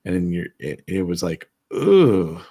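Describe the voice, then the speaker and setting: A man sits at his dining table and tells his ghost stories in a relaxed, rambling way. His voice sits low and has a husky edge. He keeps circling back with fillers and restarts. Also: normal speed. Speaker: guest telling personal ghost stories. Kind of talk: casual storytelling chat. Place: his own home, seated at dining table.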